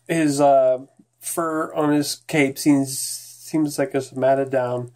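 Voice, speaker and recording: Man, toy reviewer, casual chat, relaxed, hesitant. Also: mid-range voice, takes it slowly.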